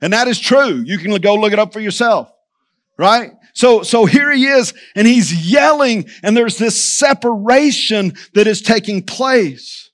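A man's voice: high-pitched, animated, measured pace. A man preaching a sermon in a church, repeating phrases for emphasis and speaking straight to the congregation. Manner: preaching with emphatic repetition, addressing the church directly. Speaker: pastor.

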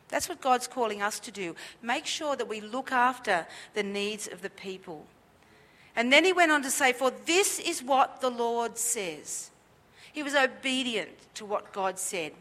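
A woman's voice: medium pitch, fairly bright tone, in a large hall. A woman preaching a sermon at a church service, emphatic and repetitive, with many rhetorical questions.

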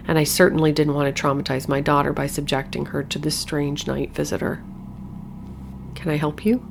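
A woman reading a scripted horror story aloud in a measured, quietly tense storytelling manner. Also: low voice, vocal fry, a little hiss or hum. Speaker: narrator.

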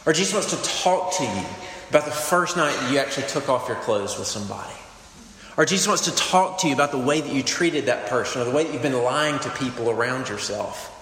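A man's voice: medium pitch, animated, fairly quick, a bit bright, slight background noise. A man giving an earnest, conversational sermon as a campus minister, with frequent fillers. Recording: echoey hall with long reverb.

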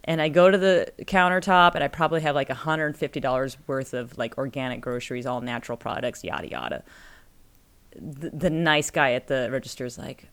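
A middle-aged woman from California telling a story in casual podcast chat, animated and acting out the people she quotes. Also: a bass voice, a little fast. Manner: animated storyteller who acts out quoted voices. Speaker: podcast co-host.

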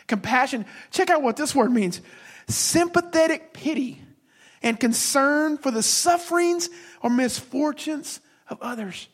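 A man preaching a sermon as pastor, emphatic and repetitive, swinging between loud declarations and hushed, whispered lines. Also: very high voice, lively intonation, unhurried.

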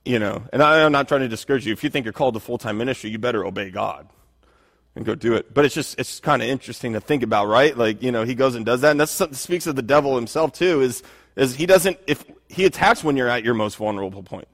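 Earnest and conversational, a male pastor delivers his sermon quickly in a medium-pitched voice, often starting his phrases over. A long hall reverb hangs around his speech.

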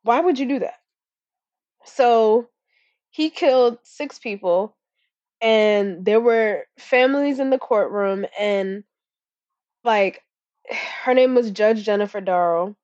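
A young woman co-hosts a podcast in a mid-range, darkish voice, speaking slowly with no echo. Her casual chat is blunt and rambling, packed with swearing and fillers, on a dull lo-fi recording.

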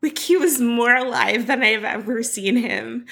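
A woman's voice: on the high side, normal speed, gravelly, fairly bright tone. A young adult woman co-hosting a fan podcast, breathless and tearful, giddy and laughing as she rambles. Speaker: podcast co-host. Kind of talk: excited fan podcast chat.

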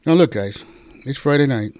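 A man's voice: mid-range voice, lively intonation, moderate pace, darkish tone, no echo. A man preaching a casual sermon and speaking to listeners like friends. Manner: conversational, calls listeners guys and bro.

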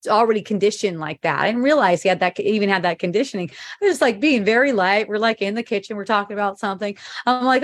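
A woman's voice: fairly high pitch, expressive, moderate pace, fairly bright tone, dry recording, studio quality. A middle-aged woman hosting a casual spiritual chat, reading viewer comments aloud, laughing often and swearing freely.

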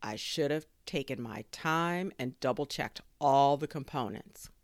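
Woman as kindly old tinkerer, low, steady, storybook read. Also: a little slow, no echo, clean studio sound, heavily acted. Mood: regretful. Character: kindly older male inventor and handyman.

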